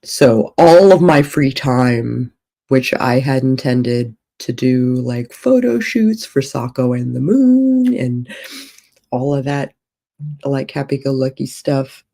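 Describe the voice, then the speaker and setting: A woman talks unhurriedly on a casual livestream, rambling as she thinks out loud. Her voice is mellow and relaxed, and she takes her time. She is speaking from a hotel room. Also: very deep voice, takes it slowly, gravelly. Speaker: author and streamer.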